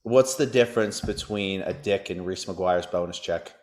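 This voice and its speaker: Low-voiced man ranting on a podcast. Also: normal speed, darkish tone. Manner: crude, joking rants. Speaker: podcast host. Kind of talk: casual podcast chat.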